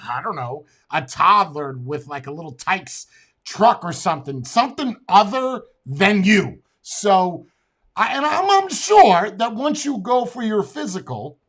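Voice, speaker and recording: An American man streaming, reacting to a clip with profane, mocking rants that flare into shouting. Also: high-pitched, sing-song, measured pace. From United States. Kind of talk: heated reaction commentary.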